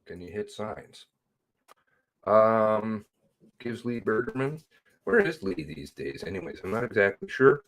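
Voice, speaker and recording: Male streamer, lowish voice, unhurried, sardonic, reads chat aloud. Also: very animated. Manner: drawling, sardonic, greets viewers by name. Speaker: livestream host reading chat. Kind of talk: casual livestream chat.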